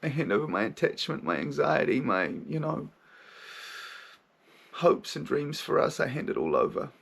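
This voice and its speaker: A man's voice: fairly high pitch, big pitch swings, normal speed, gravelly, a bit bright, slightly rough, pitched above the performer's own voice, heavily acted. A man voicing a frightened, clinging inner child part of himself, stammering and pleading. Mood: tender, remorseful.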